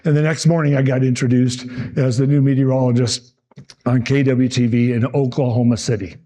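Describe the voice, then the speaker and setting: A man in his sixties, a TV meteorologist telling lively stories from his career to an audience. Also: medium pitch, brisk. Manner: lively anecdotal, acts out quotes, frequent restarts. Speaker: TV meteorologist giving a talk. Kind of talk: storytelling presentation to an audience.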